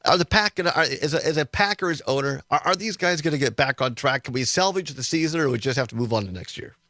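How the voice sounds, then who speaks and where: A man in a radio studio hosting casual political talk, with a fairly high voice and a dry, close sound. He rambles, repeats words and chuckles often. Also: expressive, quick pace, sharp tone, no echo. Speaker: radio talk show host.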